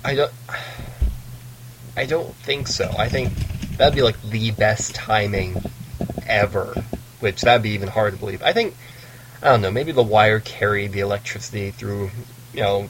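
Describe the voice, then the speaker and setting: A man's voice: on the low side, moderate pace, slight background noise, low-quality recording. Man casually recapping a story. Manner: storytelling recap with playful asides. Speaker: podcast co-host recapping a novel. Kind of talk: casual book discussion.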